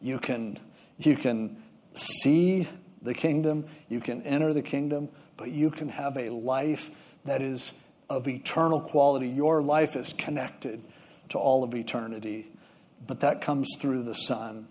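A man's voice: medium pitch, unhurried, a little mellow. A man preaching a sermon, telling stories and acting out the voices in them. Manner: storytelling, acts out quoted voices. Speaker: pastor.

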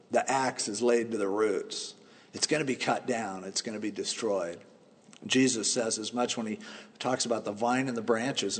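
A man's voice: medium pitch, breathy edge. A man preaching a sermon as a pastor, explaining scripture in a casual, plain-spoken way. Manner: conversational, explains scripture in plain everyday terms. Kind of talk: expository sermon. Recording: long reverb of a large hall.

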